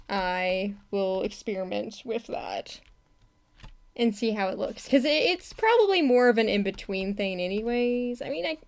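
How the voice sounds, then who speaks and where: A woman chatting casually on a live stream while she animates, rambling and laughing often. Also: medium pitch. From not from Texas. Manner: rambling, giggly, laughs often, many restarts. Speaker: animator streaming her work.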